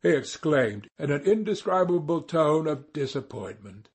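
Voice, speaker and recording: A man narrating a classic novel as an audiobook, in a measured, even storytelling manner. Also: a little high, slightly rough.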